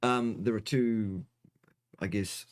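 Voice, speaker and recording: A man with a fairly low voice hosting a loose question-and-answer session. He teases his co-host and answers in a dry, joking way. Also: fairly even intonation, takes it slowly. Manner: dry, teasing, jokey. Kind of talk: casual livestream chat.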